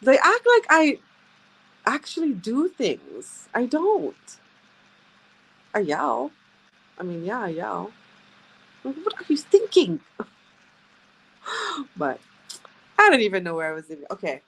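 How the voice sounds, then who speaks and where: A woman's voice: mid-range voice, wildly swooping pitch, slow pace, creaky, long pauses, a bit bright, breathy edge. A woman chatting casually with viewers as a sales rep, telling stories and laughing often. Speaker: direct sales rep hosting a live stream.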